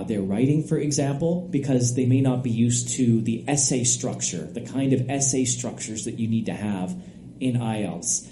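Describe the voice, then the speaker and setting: Man, native english speaker, very dark mellow tone, explanatory podcast guest, roomy echo. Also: mid-range voice, slight background noise. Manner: explanatory, steady, tags points with "right?". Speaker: IELTS expert guest. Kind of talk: podcast interview answers. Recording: echoey room.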